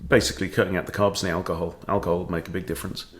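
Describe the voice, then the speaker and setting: A man with a somewhat low voice talks through a chess game live, as a coach commenting on his own moves. He thinks aloud in a loose, playful way and drops in joking asides between lines of analysis. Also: level tone, rapid-fire.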